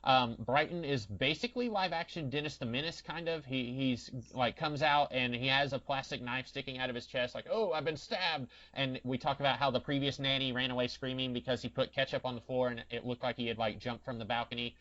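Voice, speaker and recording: A man's voice: medium pitch, steady tone, a little fast, few pauses, a bit bright. A man co-hosting a podcast in casual chat, with a dry, wry and rambling way of talking. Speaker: podcast co-host. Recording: dull lo-fi sound.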